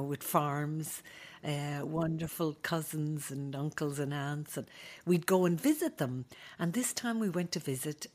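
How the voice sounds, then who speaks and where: A woman with an Irish accent and a low voice tells stories from her childhood. She speaks casually and with animation, breaking into laughter and quick asides. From Ireland. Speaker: podcast host. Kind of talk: casual storytelling.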